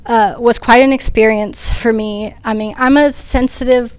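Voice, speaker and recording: A woman with a somewhat high voice speaks earnestly as a panel guest, recounting her story conversationally. She fills pauses with ums and restarts sentences as she goes. The sound is dry and close, with no room echo. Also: fairly even intonation. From United States. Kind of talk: personal testimony in a panel discussion.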